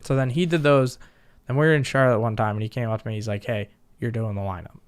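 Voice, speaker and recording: A man who is a guest on a podcast, telling stories in a casual, animated way and laughing often. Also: mid-range voice, quick pace, clean tone. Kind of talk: casual storytelling.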